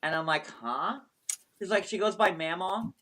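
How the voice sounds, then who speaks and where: Guy on a live stream telling a wild story, all animated and swearing for emphasis. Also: high-pitched, a little fast, a little hiss or hum. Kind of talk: casual storytelling.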